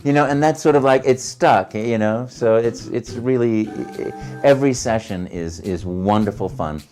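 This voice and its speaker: A man's voice: mid-range voice, moderate pace, music in the background. A man from the United States, a voice actor giving an interview, telling stories animatedly, acting out quotes and often stumbling over repeated words. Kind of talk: anecdotal interview storytelling.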